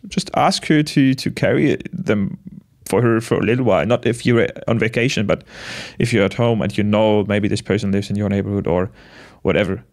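Guy in his late 20s just talking things over, soft and halting, kinda low voice. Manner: gentle, halting, many restarts and soft laughs. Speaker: vlogger. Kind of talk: casual reflective monologue.

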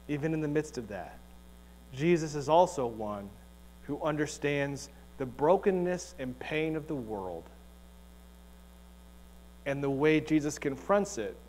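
A man's voice: medium pitch, darkish tone, slight background noise. A male pastor preaching a conversational sermon in a church, joking and asking the congregation rhetorical questions. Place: church sanctuary.

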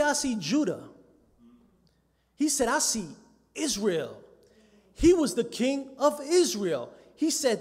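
Preaching in a strikingly high voice, a church elder hammers his points home by repeating phrases and gives quoted speakers their own voices. The live-streamed audio carries the long reverb of a church sanctuary.

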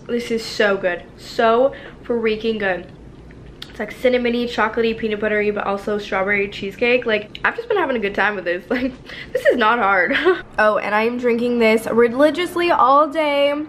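A woman's voice: a little high, moderate pace, fairly bright tone, slight background noise. A young woman chatting casually to camera in a diet vlog, bubbly and chatty with frequent laughs. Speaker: vlogger. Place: outdoors at home, eating.

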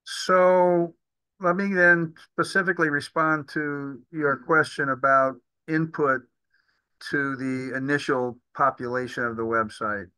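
Halting, bright-voiced man on a video call. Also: on the high side, steady tone, smooth, no room sound, low-quality recording. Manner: halting, searching for words. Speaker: committee member. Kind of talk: remote committee meeting discussion.

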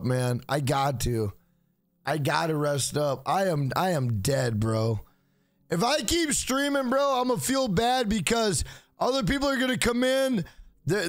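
Tired dude on stream, highish voice that swings around, keeps trailing off and repeating bro, dry close mic. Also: male voice, dry recording. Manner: weary and mumbling, trailing off low, repeats himself with "bro". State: exhausted. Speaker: gaming streamer. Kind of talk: casual live-stream chat.

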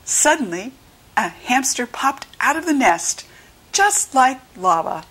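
An American woman reading a children's storybook aloud slowly and clearly for young listeners. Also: big pitch swings. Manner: slow, clear teaching read-aloud, brighter pitch for quoted children. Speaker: children's book reader. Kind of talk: read-along storybook narration.

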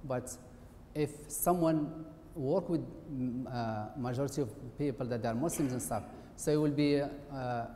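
The guest lecturer, a middle-aged occupational therapist, speaks unhurriedly with few pauses in a mellow, medium-range voice. He presents in a conversational, hesitant manner. Long auditorium reverb and a faint hiss fill the recording.

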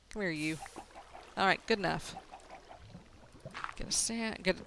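A woman's voice: lowish voice, a little slow, gravelly, pauses often, fairly bright tone, a little hiss or hum. A woman casually commenting on her own gameplay, talking to herself and laughing at her mistakes. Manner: chatty, self-narrating, laughs at mistakes. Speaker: let's play gamer.

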